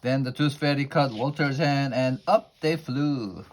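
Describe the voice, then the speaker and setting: A man reading a children's picture book aloud in an unhurried way, with small slips and restarts. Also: medium pitch. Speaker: storyteller.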